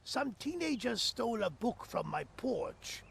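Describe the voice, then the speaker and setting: A man playing a gravelly old book-hoarder. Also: very high voice, sing-song, measured pace, fairly bright tone, slight background noise, heavily acted. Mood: scheming. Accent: fake-sounding French-like accent. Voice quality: gravelly and raspy. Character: creaky old man who lost a secret book.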